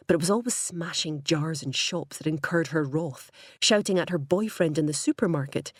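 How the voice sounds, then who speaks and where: Woman, audiobook narration, husky, lowish pitch, dry close mic. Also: darkish tone, no room sound. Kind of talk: scripted narration.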